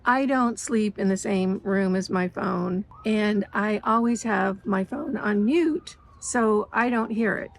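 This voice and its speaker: A woman's voice: medium pitch, gravelly, a little hiss or hum, poor audio. A woman in her sixties talking to her viewers in a reflective, earnest monologue, telling personal stories with emotion and frequent laughter. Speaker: lifestyle vlogger.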